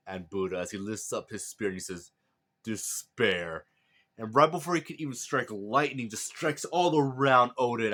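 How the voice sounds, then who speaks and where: Man, casual recap, enthusiastic, rambling, lowish voice. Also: a bit bright. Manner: enthusiastic, rambling, many fillers. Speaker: manga chapter recapper. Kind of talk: casual chapter breakdown.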